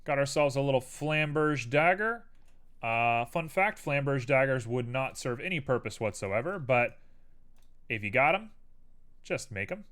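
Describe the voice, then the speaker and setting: A man's voice: medium pitch, animated, unhurried, a bit bright. A man hosting a live stream, casually chatting and thinking aloud to viewers as he builds a 3D model.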